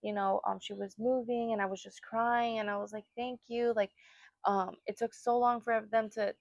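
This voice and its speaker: A woman's voice: a little high, flat delivery, moderate pace, no room sound, highs cut off. A young woman co-hosting a casual chat, telling a personal story with feeling and lots of fillers. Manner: emotional storytelling, many fillers. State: pregnant or new mother. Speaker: podcast co-host.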